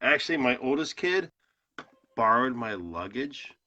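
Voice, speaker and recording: A man's voice: medium pitch, big pitch swings, sharp tone. A man of grandparent age, a guest on a casual live chat, joking and making playful excuses. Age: older. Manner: playful, quick to joke and excuse himself. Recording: dull lo-fi call audio.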